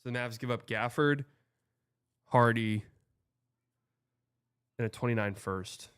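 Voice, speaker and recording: A man's voice: mid-range voice, takes it slowly, a bit bright, smooth, no room sound, studio quality. A young man from Texas hosting a show, reading viewer comments in a loose, rambling, chatty way. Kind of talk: casual livestream chat.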